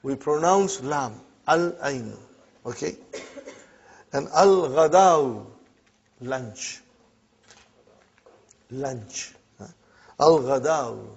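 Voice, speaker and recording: A man's voice: medium pitch, expressive, extremely slow, vocal fry, pauses often, husky. A middle-aged man teaching an Arabic class, drilling words and asking students "huh?" and "are you with me?". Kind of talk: classroom language lesson. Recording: muffled lo-fi classroom recording.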